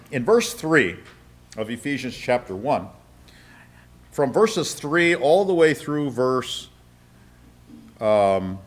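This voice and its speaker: A man giving a conversational Bible lesson. He reads scripture aloud with frequent asides, explains step by step and keeps checking in with his listeners. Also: medium pitch. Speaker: Bible teacher.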